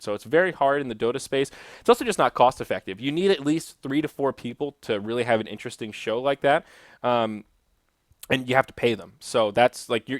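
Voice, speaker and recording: A man's voice: mid-range voice, fairly bright tone, no echo, studio quality. A young man hosting a solo podcast, chatting casually and loosely, with frequent swearing and asides to his chat. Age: young adult. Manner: rambling, profane, talks to chat. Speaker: podcast host.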